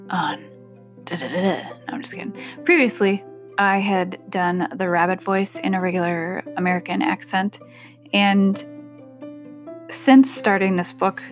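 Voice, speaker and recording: A woman hosting a reading podcast, chatting casually with listeners and making joking asides. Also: mid-range voice. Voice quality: gravelly fry. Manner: chatty and self-deprecating, aside-prone. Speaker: audiobook podcast host and reader. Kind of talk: casual chat and reading aloud.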